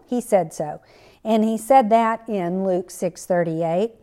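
A woman's voice: medium pitch, takes it slowly, warm tone. A middle-aged woman hosting a faith podcast, earnestly telling a personal story and quoting scripture. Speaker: podcast host. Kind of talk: faith-based podcast talk.

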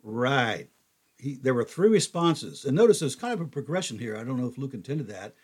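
An older man giving a folksy, conversational Bible teaching, animated when he quotes others. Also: medium pitch, fairly quick, husky.

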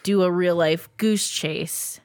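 A woman's voice: lowish voice, fairly even intonation, slow, a little mellow, clear, resonant tone, no room sound, clean studio sound. A woman co-hosting a podcast in casual chat, wry and matter-of-fact. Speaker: podcast co-host.

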